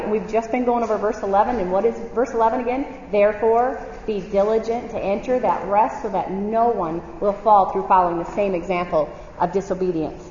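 A woman's voice: mid-range voice, a little hiss or hum. A woman teaching the Bible to a group of women, often asking the audience questions and waiting for their answers. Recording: echoey hall, dull lo-fi sound.

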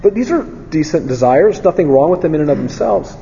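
Mellow-voiced preacher in a reverberant hall. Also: male voice, on the high side, expressive, brisk, a little hiss or hum. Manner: candid storytelling, rhetorical questions. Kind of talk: conversational sermon. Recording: dull lo-fi sound with long hall reverb.

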